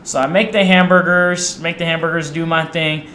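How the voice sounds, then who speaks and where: Animated young man telling a story. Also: fairly high pitch, moderate pace, slight background noise. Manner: rambling, animated, acts out quoted voices. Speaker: storyteller vlogger. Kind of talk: casual storytelling to camera.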